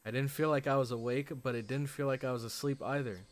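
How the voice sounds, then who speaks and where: Male streamer, mid-pitched, chatty and excitable, reads game text and riffs on it. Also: fast talker. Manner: chatty, excitable, with frequent "like" fillers. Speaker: streamer playing a visual novel. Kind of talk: reading game text aloud with casual commentary.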